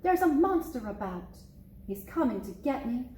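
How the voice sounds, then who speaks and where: A woman's voice: high voice, big pitch swings, normal speed, mellow, a little hiss or hum. A woman voicing a frightened little male bear cub who whimpers anxiously, recorded in an echoey room.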